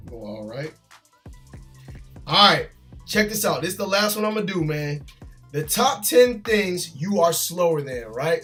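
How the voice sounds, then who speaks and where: A man's voice: on the high side, fairly bright tone. A man who is an army drill sergeant, vlogging from his gaming chair at home in a loose, chatty way. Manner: loose and chatty, often tags "man" and "bro". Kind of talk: casual reaction vlog.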